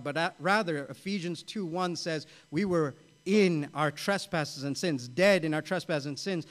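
A man with a high voice delivers a sermon as a pastor. He teaches earnestly, repeats his key phrases for weight, and lifts into excited, emphatic exclamations.

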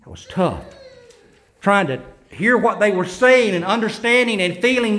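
A man preaching a sermon, moving from loud emphatic lines to quiet conversational asides and slow recitation of scripture and hymns. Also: sits high, expressive. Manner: recites scripture and hymn lyrics slowly. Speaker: pastor.

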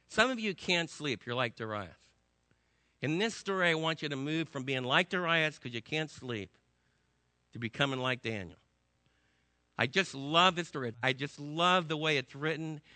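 A man preaching a sermon to a congregation, telling a story with emphatic swings between loud and hushed delivery. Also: a little high, no room sound. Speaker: pastor.

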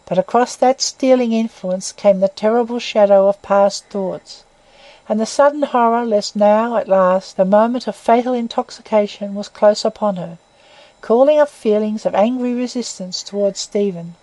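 A woman reading a classic novel aloud as narrator in a measured, even way. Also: mid-range voice, dry recording, low-quality recording.

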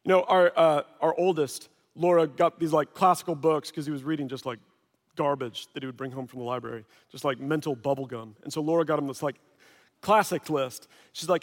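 A man's voice: on the high side, moderate pace. A male pastor preaching a sermon in a church, in a passionate, conversational way with lots of casual fillers. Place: church sanctuary. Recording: reverberant hall sound.

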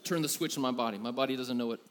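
A man's voice: mid-range voice, rapid-fire. A man in his thirties preaching to a room, telling a personal story in a candid, self-deprecating way with many fillers. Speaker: youth pastor. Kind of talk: sermon.

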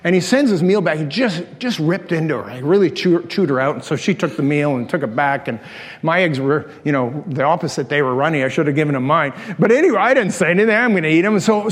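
A man, preaching a sermon in a folksy, self-deprecating storytelling way, chuckling at his own stories. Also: high voice. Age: 60s. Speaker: pastor. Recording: long reverb of a large church hall.

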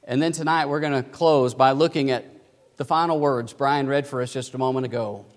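A man's voice: mid-range voice, brisk. A man preaching a sermon as pastor, emphatic and full of rhetorical questions, recorded in a church sanctuary. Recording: long hall reverb.

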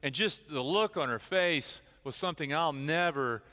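An older male pastor preaching in a self-deprecating storytelling manner. His voice is high and bright for a man. A long church-hall reverb hangs on every phrase. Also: moderate pace. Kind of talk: sermon. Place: church sanctuary.

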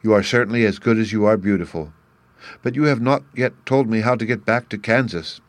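A man's voice: fairly low pitch, fairly quick, no room sound, lightly acted. A man voicing an eager, kind-hearted young girl in a storybook, with a breathless, raised delivery. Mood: pleading.

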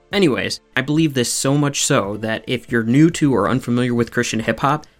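A man at a steady middle pitch hosts his podcast and talks through his points in a scripted teaching style. He is methodical and slows down to stress each key term. Faint music runs quietly behind his voice. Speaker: podcast host.

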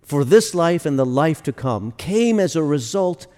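A man preaching in a big church, his fairly high voice carrying a long reverb tail. He teaches earnestly, slowing down and leaning on the words that matter. The delivery is a pastor's sermon to his congregation. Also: big pitch swings, warm tone. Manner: earnest teaching, pausing to stress key words.

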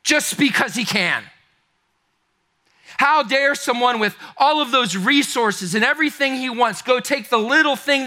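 A man's voice: very high voice, bright, forceful tone, voice pushed up. A man voicing an outraged king, declaiming his anger in a raised, indignant voice. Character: furious righteous king, adult man.

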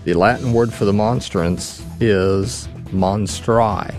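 A man who is a lawyer, a guest on a radio talk show, explaining things in a dry, measured way. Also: fairly low pitch, darkish tone, faint music behind. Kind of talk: casual studio chat.

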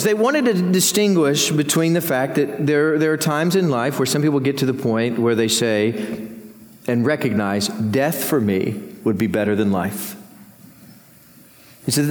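A man preaching a sermon as senior pastor, earnest, his voice climbing when he voices lament. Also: moderate pace. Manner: earnest, rising in pitch when voicing Job's laments. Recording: long reverb of a church hall.

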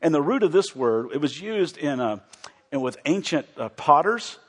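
A middle-aged man preaching a sermon as a pastor, moving from loud, excited emphasis to soft, quiet storytelling. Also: on the high side, moderate pace, husky. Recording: long hall reverb.

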